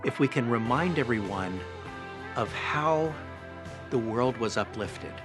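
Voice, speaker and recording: Low-voiced man over a music bed. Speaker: interviewee. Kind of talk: reflective interview.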